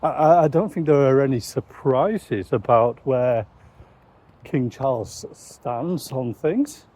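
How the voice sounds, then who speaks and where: A man, a Christian commentator, giving measured, reflective commentary on current events. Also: medium pitch, expressive, warm tone, rough recording.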